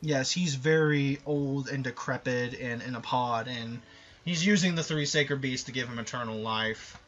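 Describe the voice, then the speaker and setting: A man's voice: medium pitch, moderate pace, fairly bright tone, muffled recording, soft background music. Sarcastic male game commentator. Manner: sarcastic, rambling asides. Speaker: gameplay commentator.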